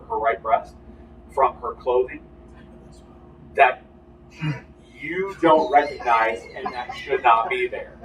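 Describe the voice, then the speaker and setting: A man's voice: medium pitch, fairly bright tone. A man leads a tabletop game, describing scenes and calling for dice checks and often restarting his phrases. His voice is distant and roomy, with a faint background hiss. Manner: descriptive narration with frequent restarts. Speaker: game master.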